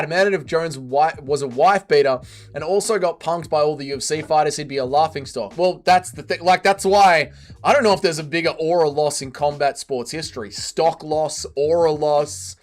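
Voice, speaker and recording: A man's voice: a little high, animated, fairly quick. A man hosting a casual livestream, reading chat aloud, swearing often and laughing readily.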